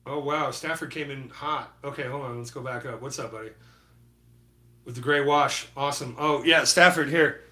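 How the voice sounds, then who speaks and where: Bright-voiced laid-back streaming painter man. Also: medium pitch, fairly even intonation, moderate pace, few pauses. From Utah. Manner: laid-back, slangy, talks to chat. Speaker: livestreaming painter. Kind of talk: casual live-stream chat while painting.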